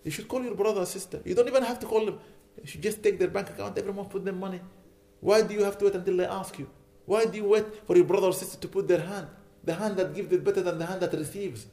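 Man, sermon, earnest and pleading, slightly high voice. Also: fairly even intonation, quick pace, hardly any pauses, warm tone. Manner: earnest, pleading, rising to indignant emphasis. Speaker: imam.

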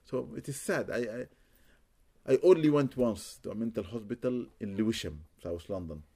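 A man's voice: on the low side, animated, moderate pace, mellow. A man, a Muslim spiritual healer, telling a story in an interview, with Arabic religious phrases and repeated words for emphasis.

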